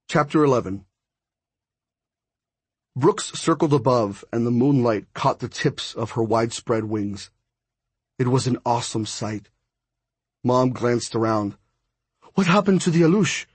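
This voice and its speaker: A man narrates an audiobook in steady first-person storytelling. His voice is husky and middle-pitched. The sound is dry, with no room echo. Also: measured pace, long pauses.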